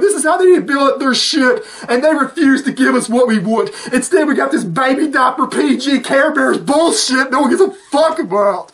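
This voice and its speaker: A man hosting a reaction channel who yells, swears and laughs through his commentary, and whose voice is going hoarse. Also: very high voice. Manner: loud, profane, shouting and laughing often. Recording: wrestling video's music and crowd playing underneath. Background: music and crowd noise from the watched video.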